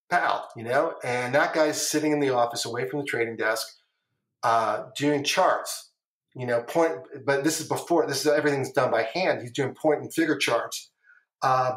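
A man's voice: medium pitch, a bit bright. Rambling middle-aged man in an echoey room. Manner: rambling, repeats phrases, casual swearing. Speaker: podcast guest, former trader. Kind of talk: casual storytelling interview.

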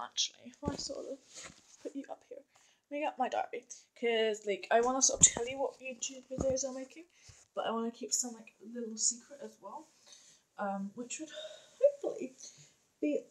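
A woman's voice: high-pitched, fairly bright tone, slight background noise, rough recording. A young woman chatting casually in a home vlog, rambling with many fillers and hesitations. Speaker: vlogger.

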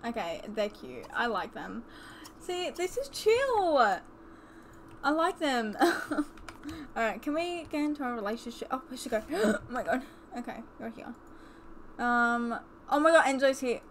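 A young woman chatting excitedly while commentating a life-sim game, gasping and exclaiming often. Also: high-pitched, a little slow, slight background noise. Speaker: let's play host. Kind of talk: casual gameplay commentary.

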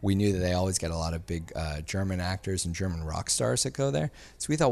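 Gravelly man telling a lively story. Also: low voice. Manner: animated, quick to act out quoted people. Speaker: podcast guest, filmmaker. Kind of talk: casual anecdotal storytelling. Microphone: studio mic.

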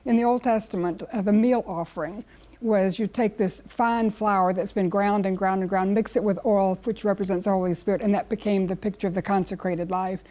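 A woman's voice: mid-range voice, steady tone, brisk, mellow. A woman, a guest Bible teacher speaking in an earnest, conversational teaching style. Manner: earnest, storytelling with acted quotes.

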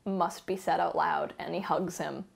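A woman rambling casually about a book she loves, with an animated, gushing fan manner and frequent laughter. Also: lowish voice, normal speed, vocal fry. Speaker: book vlogger. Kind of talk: casual book review chat.

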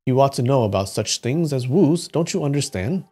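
A man voicing a foolish, stubborn husband in a folktale reading, his voice jumping high and low. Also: animated, normal speed, warm tone, breathy edge. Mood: eager. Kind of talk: storybook reading.

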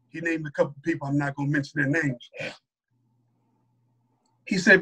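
A man, a mosque captain, giving a personal testimony as a lively, colloquial story, acting out what others said. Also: fairly high pitch, moderate pace, pauses often, breathy edge. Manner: animated, colloquial, acts out other people's lines.

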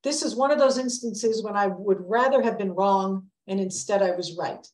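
A woman's voice: mid-range voice, moderate pace, darkish tone. An older woman giving a prepared public lecture, earnest and emphatic, sounding a warning. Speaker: public lecturer, planetary scientist. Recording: echoey lecture hall.

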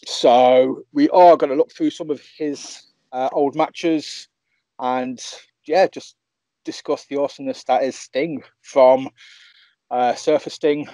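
Guy hosting a chat podcast, laid back, lots of uhs and ums, mid pitch. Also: slow, low-quality recording. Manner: relaxed, filler-heavy, upbeat intros. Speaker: podcast host. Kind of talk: casual wrestling podcast chat.

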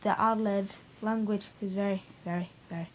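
A woman's voice: medium pitch, steady tone, moderate pace, slight background noise, low-quality recording. A young girl giving a playful home video tour, telling silly stories with mock-serious asides, recorded in a bedroom on a camera mic. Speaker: vlogger.

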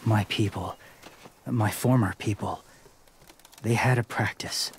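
Soft-spoken, near-whispering survivor man. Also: on the low side, takes it slowly, husky, heavily acted. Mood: calm. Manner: quiet, calm, near-whispered. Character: soft-spoken man who lived among walkers.

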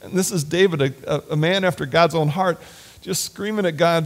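A man preaching a sermon in an earnest, halting way, often restarting his sentences. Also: on the high side. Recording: long hall reverb.

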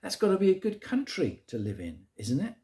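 A man's voice: high-pitched, huge pitch swings, a little fast, dark tone. A middle-aged man from Britain, a church minister giving a short, informal daily sermon in a chatty, homely way that is full of rhetorical questions.

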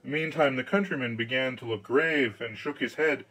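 A man narrating a fairy tale audiobook in an expressive storytelling manner. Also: mid-range voice, moderate pace, few pauses, rough recording.

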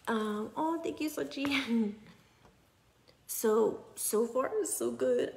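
Chatty young woman with a gravelly voice. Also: a little high, extremely slow, pauses often, a little mellow, a little hiss or hum. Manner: chatty, repeats "you guys", drops to a near whisper at times. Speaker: patient sharing her recovery. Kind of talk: casual selfie vlog. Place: at home indoors.

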